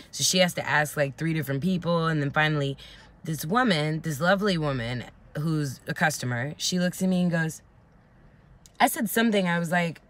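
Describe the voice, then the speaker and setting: Woman, vlogger, casual storytime, animated, swears freely. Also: low-pitched, normal speed. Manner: animated, profane, conversational.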